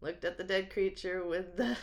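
A woman's voice: lowish voice, normal speed. A woman with a New England accent, co-hosting a podcast and telling stories with lots of laughter and animation. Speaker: podcast co-host. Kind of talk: casual podcast chat.

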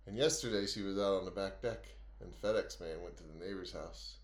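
A man's voice: low-pitched, fairly quick. A man co-hosting a podcast in easygoing casual chat. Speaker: podcast co-host. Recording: echoey room.

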